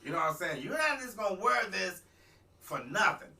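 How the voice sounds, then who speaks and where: A man, a talk show host, telling a rambling, animated story in a casual talk-radio monologue. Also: high voice, brisk, gravelly, distant mic. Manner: rambling, animated, restarts and asides.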